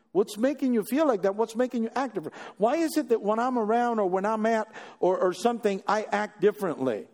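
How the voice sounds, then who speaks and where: Animated preacher man in an echoing hall. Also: sits high. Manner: animated, building to emphatic peaks, rhetorical questions. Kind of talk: sermon. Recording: long echoey hall reverb.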